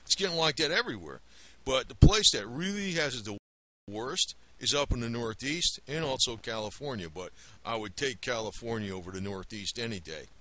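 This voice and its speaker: A man's voice: medium pitch, lively intonation, normal speed, bright, forceful tone. A man from the Northeast with a New Jersey accent, rambling to camera in a blunt, profane rant. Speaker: video blogger.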